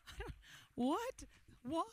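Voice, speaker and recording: A woman's voice: extremely high pitch, dry recording. A young woman emceeing a live benefit show on a small stage, rambling with self-deprecating jokes into a handheld mic. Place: small stage at a brewery event. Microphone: handheld microphone.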